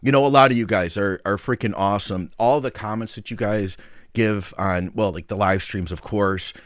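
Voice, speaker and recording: A man's voice: fairly low pitch, moderate pace, no echo, clean studio sound. Chatty American man hosting a live stream. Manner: upbeat, chatty, reads out viewer comments. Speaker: podcast host and coach. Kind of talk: casual live-stream chat.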